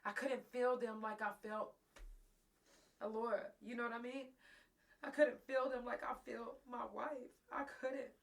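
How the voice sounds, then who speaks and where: A woman with a fairly high, creaky voice hosts a live talk show, speaking unhurriedly in a level tone. Fighting back tears, she speaks straight to her listeners, telling a raw, emotional personal story peppered with swearing.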